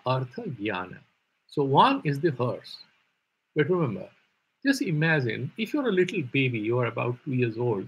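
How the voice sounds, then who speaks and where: A man's voice: medium pitch, vocal fry, fairly bright tone, husky, low-quality recording. A man teaching a live online Vedanta philosophy class, explaining patiently with rhetorical questions and repeated terms.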